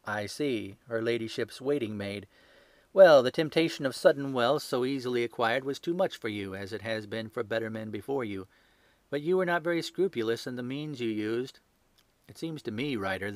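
A man voicing a sharp, commanding gentleman detective who speaks coolly, sternly and precisely. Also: mid-range voice, dry recording, natural voice.

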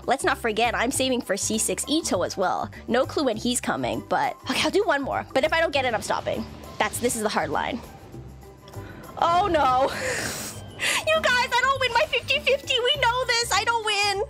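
A woman streamer giving casual reaction commentary while playing, dramatic and self-pitying, laughing at her own bad luck. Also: sits high. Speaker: gaming streamer.

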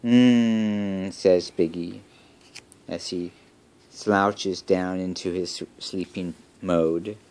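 A woman telling a made-up bedtime story with toys, in a gentle, playful way. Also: extremely low pitch, level tone, extremely slow.

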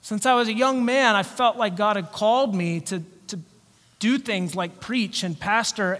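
A male pastor preaching a sermon with animated storytelling. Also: high-pitched. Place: church sanctuary. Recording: long church hall reverb.

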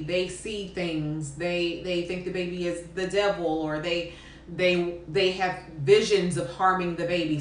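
Nurse lady explaining stuff to camera, lowish voice, lots of ums, kinda echoey room. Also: slight background noise. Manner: frank and conversational, many ums and restarts. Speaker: postpartum nurse educator. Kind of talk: casual spoken teaching to camera.

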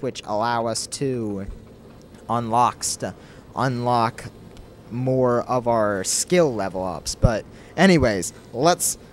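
A young man giving excitable, casual commentary over his video game, hiccuping now and then. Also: medium pitch, a little hiss or hum. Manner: excitable, exclaiming, self-mocking. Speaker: let's play commentator.

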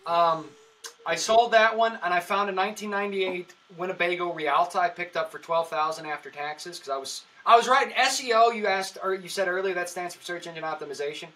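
A comedian telling stories on a podcast in a high, bright voice. He rambles easily, circling back with "uh" and restarts as he talks. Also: fairly quick, poor audio. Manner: rambling storyteller, many fillers and restarts. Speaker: comedian guest. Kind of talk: casual podcast chat.

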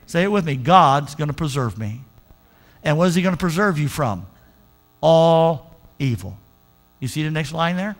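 An older man preaching a sermon as pastor, moving between hushed, slow passages and emphatic, rising exhortation. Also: sits high.

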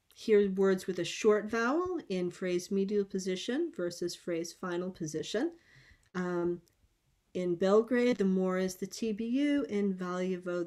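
A woman lecturing on linguistics at an academic colloquium, speaking in a measured, explanatory way with frequent pauses and ums, over a video call. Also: fairly low pitch, darkish tone. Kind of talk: academic conference talk.

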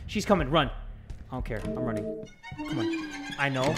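Gaming host, male, high and wildly animated, flips between whispers and screams, voice worn from yelling, creepy game music behind. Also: a little slow, pauses often. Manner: excitable, swings from hushed muttering to loud screams. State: strained voice from screaming. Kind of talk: horror game playthrough commentary.

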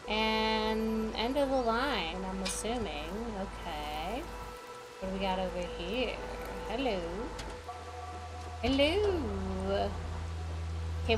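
A woman's voice: on the high side, rough recording. A woman giving playful, goofy let's-play commentary, full of silly made-up words and sound effects. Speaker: gaming video creator.

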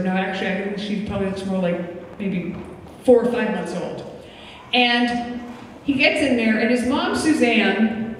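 A woman in her sixties, a psychiatrist giving a relaxed, conversational parenting lecture, slipping into the voices of the parents and children she quotes. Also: fairly high pitch. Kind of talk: lecture to an audience. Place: lecture hall. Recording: echoey hall from far off, faint noise.

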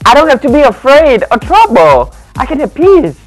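Toast Kitty, a man voicing a calm high cat. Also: faint music behind, full character voice. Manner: placid, unhurried. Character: calm, cheerful cat sidekick. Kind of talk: children's church puppet skit.

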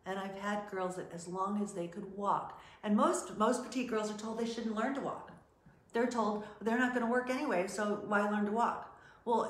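Chatty woman agent in an echoey room. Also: medium pitch. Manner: chatty, animated, acts out quotes from clients. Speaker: modeling and talent agent. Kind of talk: casual teaching talk.

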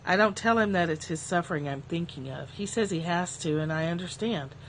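A woman hosting a livestream, reading spiritual passages aloud in a calm, slow way and breaking off into casual, joking asides. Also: lowish voice, a little hiss or hum.

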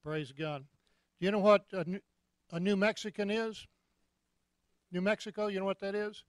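A man in his seventies preaching a sermon, jovial and joking, breaking into loud shouts of praise. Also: high-pitched, fairly even intonation, normal speed, no room sound. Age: 70s. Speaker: guest preacher.

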